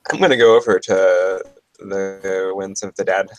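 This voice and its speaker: A man with a low voice takes his turn at a tabletop game, musing aloud and checking rules as he goes. The sound is dry and close. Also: fairly even intonation, unhurried, no room sound, poor audio. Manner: thinking aloud, questioning. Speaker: player.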